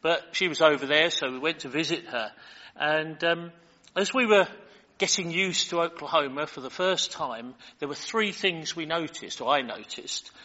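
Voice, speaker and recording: On the higher side and sharp in tone, an older British man reads from the Bible at a moderate pace before rambling on with many fillers. Long reverb tails his words in this muffled, low-fidelity sermon recording.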